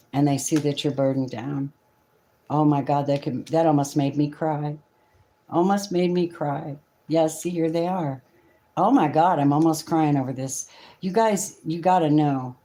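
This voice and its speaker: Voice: medium pitch, mellow. A tarot reader giving a live reading, talking casually and emotionally, with the odd swear word.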